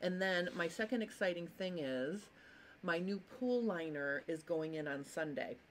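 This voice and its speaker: A woman's voice: lowish voice, expressive, moderate pace, a little hiss or hum. Chatty woman with hiccups. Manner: chatty, apologetic, greets viewers by name. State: has hiccups. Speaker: sewing teacher and live stream host. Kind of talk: casual live-stream sewing lesson.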